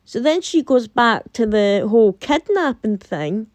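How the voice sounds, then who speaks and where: A woman's voice: on the high side, a little slow, no room sound. A woman with a Scottish accent, casually telling a storytime tale and acting out both sides of a conversation. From Scotland. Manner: animated, quotes herself and her friend in dialogue.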